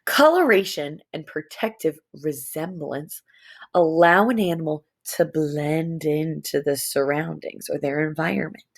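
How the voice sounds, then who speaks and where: Playful woman teaching a young class. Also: sits low. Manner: animated, playful, drawn-out words. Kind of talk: recorded lesson for young students.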